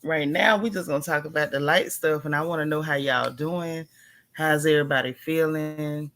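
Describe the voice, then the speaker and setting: A woman's voice: deep voice, steady tone, normal speed, fairly bright tone. A woman hosting a casual early-morning livestream, talking in a half-whisper, a little tired after a migraine and greeting viewers by name. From Texas. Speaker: livestream host.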